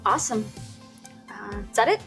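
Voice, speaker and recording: A woman playing in a tabletop role-playing game, describing her character's actions in a relaxed, playful way. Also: fairly high pitch, moderate pace, creaky, faint music behind. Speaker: player. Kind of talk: casual tabletop role-play.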